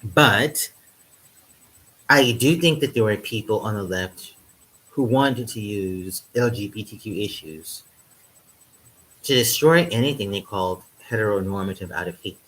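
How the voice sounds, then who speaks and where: A man with a fairly low, slightly bright and animated voice speaks at a measured pace with long pauses, on a low-quality recording with a little hiss or hum. He's a vlogger drinking wine indoors in Europe, rambling through a joking monologue to camera, full of "um" and his own chuckles.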